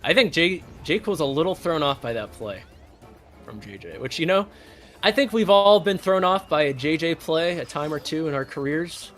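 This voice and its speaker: A man's voice: on the high side, animated, normal speed, fairly bright tone. A man casually commentating a live video game race, analytical and chatty with lots of filler words. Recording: faint music behind.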